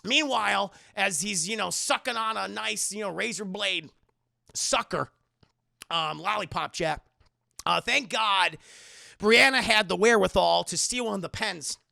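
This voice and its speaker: A man recapping a film live for his stream chat, profane, joking and animated. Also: high voice, a little slow, vocal fry.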